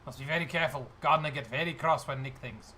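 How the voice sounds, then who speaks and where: A man's voice: on the high side, quick pace, bright, forceful tone, a little hiss or hum. A man doing a fussy goblin guide. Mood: officious. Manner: broken grammar, officious.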